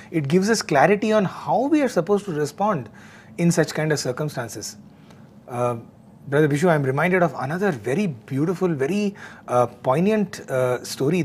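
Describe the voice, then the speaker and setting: A man's voice: on the high side, slight background noise. A man talking earnestly and casually about meditation and staying cheerful, often saying "you know". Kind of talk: casual spiritual conversation.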